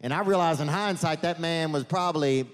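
A fairly high-pitched man talks fairly quickly through a stand-up comedy set in a theater. He meanders from digression to digression and leans heavily on "man" and "you know," with the theater's reverb and faint audience ambience around him.

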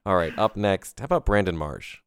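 A man's voice: deep voice, lively intonation, fairly quick, fairly bright tone, clean tone, dry recording, studio quality. A man co-hosting a podcast, chatting casually and teasing playfully. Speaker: podcast co-host. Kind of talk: casual comedic chat.

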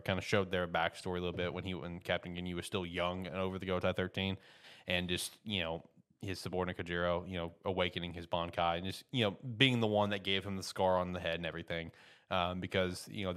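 A man casually recapping an anime episode, rambling with lots of fillers and getting animated as he retells scenes. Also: deep voice, clear, resonant tone.

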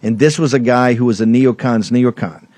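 Casting note: male talk host, combative and emphatic, mid-pitched, close dry studio sound. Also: moderate pace, darkish tone, no echo. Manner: emphatic, combative, rambling with restarts. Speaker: show host. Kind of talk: political talk show rant.

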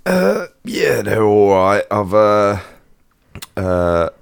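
A man's voice: fairly low pitch, very animated, very slow, creaky, smooth, no echo. A man with a Cockney accent co-hosting a podcast, laid-back and dry-humoured. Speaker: podcast co-host. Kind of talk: casual podcast banter.

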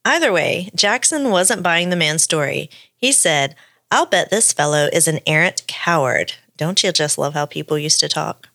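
A woman's voice: low-pitched, animated, normal speed, vocal fry, fairly bright tone, dry recording, studio quality. Playful woman reading aloud. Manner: reads the script with playful asides. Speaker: podcast co-host. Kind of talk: casual chat, reading a story aloud.

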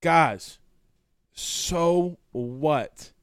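A man hosting a sports show in casual chat, reading out viewer comments in a blunt, animated way with some trash talk. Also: on the high side, drawn-out words, clear, resonant tone, no echo, clean studio sound.

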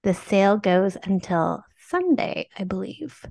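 A woman's voice: medium pitch, sing-song, unhurried, vocal fry, darkish tone. A young woman giving an earnest devotional teaching, speaking directly to her viewers and repeating phrases for emphasis. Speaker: Christian teacher and product seller.

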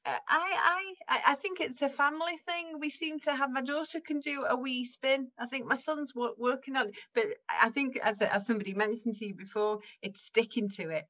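A woman's voice: high voice, fairly quick, few pauses, a bit bright, dull audio. Middle-aged woman, laughing guest. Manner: laughs often while talking. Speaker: guest, improv performer. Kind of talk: casual conversational interview.

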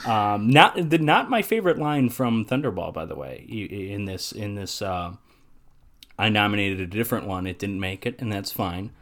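A man's voice: lowish voice, expressive, normal speed, fairly bright tone. A man co-hosting a podcast in casual chat, steering the segment in a dry, matter-of-fact way. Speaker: podcast co-host.

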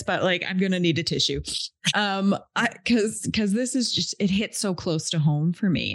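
A woman's voice: lowish voice, dry recording. Emotional woman podcast host gushing back at her guest, dry close sound. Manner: effusive, emotional, thinks aloud with fillers. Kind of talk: reflective podcast interview.

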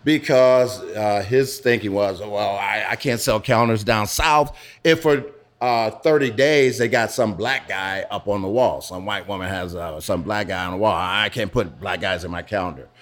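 A middle-aged man being interviewed in a pizza restaurant, telling his own story frankly with halting restarts. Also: fairly low pitch. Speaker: interviewee, former dancer turned business owner. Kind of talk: candid personal storytelling.

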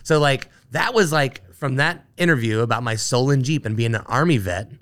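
A man's voice: mid-range voice, normal speed, a bit bright. Rambling man telling a story. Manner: rambling, full of asides and acted-out quotes. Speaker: guest, brewer. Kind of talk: casual storytelling chat.

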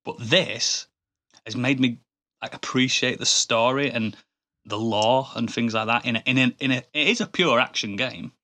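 A man's voice: mid-range voice, normal speed, bright, forceful tone. A man co-hosting a podcast in casual chat, enthusiastic and rambling, often restarting his sentences. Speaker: podcast co-host.

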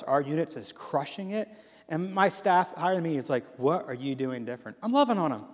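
A man's voice: a little high, darkish tone. A man in his thirties giving a sermon as a guest preacher in a church. He talks in a casual, storytelling way, full of asides. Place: church sanctuary. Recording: long hall reverb.

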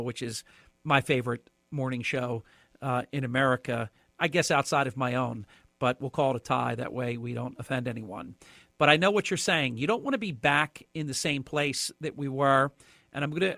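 A man's voice: medium pitch, sharp tone, no echo. A man filling in as a radio talk show host, giving emphatic, opinionated commentary and speaking straight to callers.

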